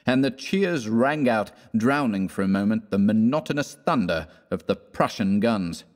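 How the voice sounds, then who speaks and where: Low-voiced man narrating a horror story. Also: lively intonation. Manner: measured, theatrical reading with character voices. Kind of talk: scripted audiobook narration.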